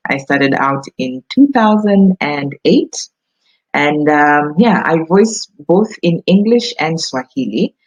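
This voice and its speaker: A woman in her thirties with a Kenyan accent, a voice-over artist talking casually to camera in a warm, authoritative, confident way, with frequent ums. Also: low voice, animated, slow pace, highs cut off.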